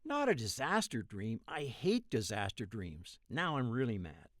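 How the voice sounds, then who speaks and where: A man in his thirties tells a rambling dream story in the first person, wry and deadpan, with the odd profane aside. His voice sits at an ordinary middle pitch and is recorded dry and close, with no room sound. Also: measured pace, no echo. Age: 30s. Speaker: narrator.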